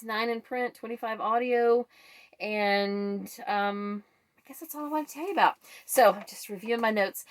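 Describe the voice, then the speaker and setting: A woman's voice: mid-range voice, fairly bright tone. A woman book vlogger chatting in a rambling way about the books she read this month. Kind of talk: casual book wrap-up chat.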